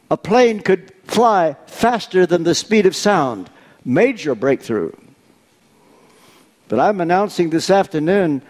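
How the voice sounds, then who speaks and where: An older man in his eighties preaching a sermon, deliberate and posing rhetorical questions to his congregation. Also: on the high side, darkish tone. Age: 80s.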